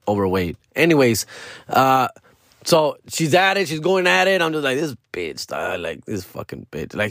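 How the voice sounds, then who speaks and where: A man's voice: mid-range voice, no room sound, studio quality. A young man with a Chicano English accent, telling a rambling story in a casual rant full of slang and swearing, switching into Spanish now and then. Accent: Chicano English with Spanish mixed in. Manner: profane, slangy, animated storytelling.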